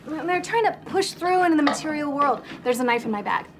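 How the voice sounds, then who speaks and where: An eccentric, self-assured psychic in a film scene. Her voice sits high and she talks briskly, as if everything is obvious. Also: expressive, background noise. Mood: explaining. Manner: brisk, matter-of-fact. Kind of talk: film dialogue.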